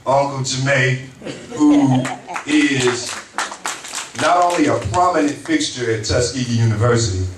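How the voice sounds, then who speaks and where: A man emceeing a community town hall, who speaks in an earnest, grateful way as he makes his acknowledgements and introduces speakers. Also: medium pitch. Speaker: emcee and university teacher. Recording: roomy hall, far from mic, faint noise.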